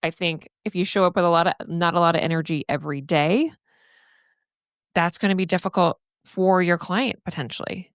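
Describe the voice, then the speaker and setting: A middle-aged woman, a podcast host and therapist coach, speaks solo to her listeners in an earnest, candid, animated manner, casually swearing and laughing. Her voice is slightly low for a woman and a little fast. The recording is dry and close, with no room sound or echo.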